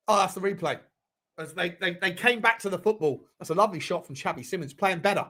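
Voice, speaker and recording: A man hosting a live football watchalong, reacting as a partisan fan with excitable shouting, swearing and a chesty cough. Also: extremely high pitch, fairly quick. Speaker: fan channel host.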